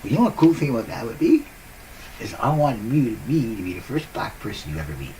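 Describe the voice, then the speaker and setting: A man's voice: medium pitch, big pitch swings, fast, mellow, recorded from a distance, slight background noise, rough recording. A man talking to his viewers in a casual rambling monologue, upbeat and giggly, laughing often, on a new cheap microphone. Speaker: vlogger. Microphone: new cheap desk microphone.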